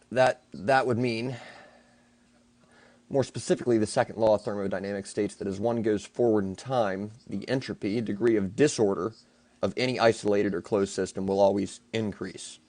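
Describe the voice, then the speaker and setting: A man in a debate, laying out his argument in a steady, lecturing way. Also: on the low side, normal speed, dry recording. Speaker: debate participant. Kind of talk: reciting arguments.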